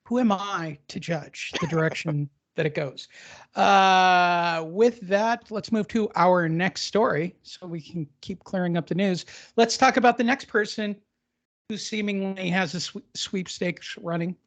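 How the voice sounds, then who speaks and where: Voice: mid-range voice, measured pace. A host of a boxing podcast reading news and quotes aloud in a joking, casual way, mocking the wording as he goes. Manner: joking, reads quotes aloud with mock emphasis. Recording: slightly dull audio.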